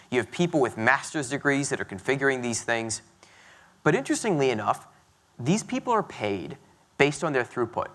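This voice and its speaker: Male conference speaker, mid-pitched, quick and animated, talking over a stage mic. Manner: fast, animated explaining with fillers and restarts. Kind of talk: conference talk.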